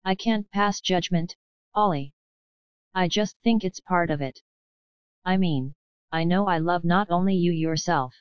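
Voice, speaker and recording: A woman's voice: lowish voice, measured pace, long pauses, clear, resonant tone, no room sound, highs cut off, lightly acted. A woman reading a blunt, teasing young college woman. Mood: quiet. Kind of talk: audiobook character reading.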